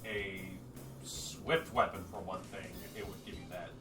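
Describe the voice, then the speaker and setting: A man's voice: low-pitched, fairly even intonation, unhurried, sharp tone. A man narrating a tabletop game as game master in a casual, laid-back way, swearing freely. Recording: roomy and distant, music behind.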